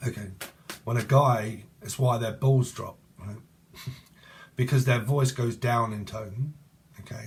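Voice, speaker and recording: A man in his forties giving a rambling tarot reading, crude and jokey, swearing as he digresses. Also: medium pitch. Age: 40s. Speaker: tarot reader.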